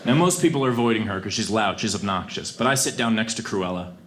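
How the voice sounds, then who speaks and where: A man performing a stand-up comedy set on a club stage, swinging between quiet deadpan and loud outbursts. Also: on the low side, quick pace. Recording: live show with audible audience noise.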